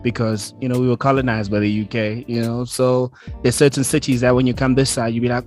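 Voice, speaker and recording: A man's voice: medium pitch, fairly even intonation, quick pace, hardly any pauses, a little mellow. A man with a South African accent hosting a radio interview, upbeat and playful, speaking straight to listeners. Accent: South African English. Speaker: radio host. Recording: faint music behind.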